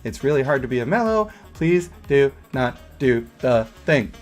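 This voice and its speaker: A man's voice: mid-range voice, animated, normal speed, faint music behind, lightly acted. Man voicing a broke melon girl on a date. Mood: pleading. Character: broke independent young female melon date.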